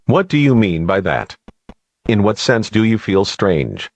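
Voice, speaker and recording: A man playing a radio news host, asking calm, measured questions in an amateur audio drama. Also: on the low side, creaky, dull audio, heavily acted. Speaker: radio interviewer.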